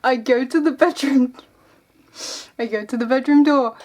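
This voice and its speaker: Brit girl rambling on her vlog at home, kinda high voice, giggly storyteller. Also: normal speed, darkish tone. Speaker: vlogger. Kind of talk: casual vlog chat.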